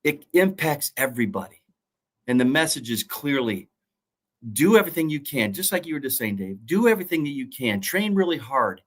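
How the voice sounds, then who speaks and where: A man's voice: mid-range voice, very animated, a little fast, fairly bright tone. Earnest preachy middle-aged man. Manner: earnest, preachy, repeats key phrases. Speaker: college football coach and former pro player. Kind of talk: motivational interview talk.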